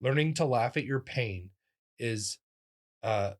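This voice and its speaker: A man, a comedian, telling stories in a casual interview, animated and acting out the voices of people he quotes with sudden jumps in pitch. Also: slow pace. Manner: talks in restarts and fillers, lively physical-comic energy. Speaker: comedian guest.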